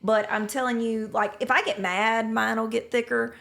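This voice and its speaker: Woman, Alabama Southern accent, podcast guest, easygoing, casual chat, higher pitch. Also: fairly even intonation, normal speed, vocal fry, a bit bright. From Mobile, Alabama. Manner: easygoing, laughs often. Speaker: podcast guest, content creator.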